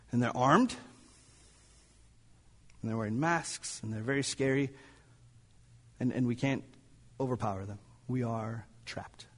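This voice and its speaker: In a church sanctuary, a male pastor with a mid-range, slightly rough voice preaches a sermon that echoes through the large hall. He tells a story dramatically, sometimes dropping almost to a whisper.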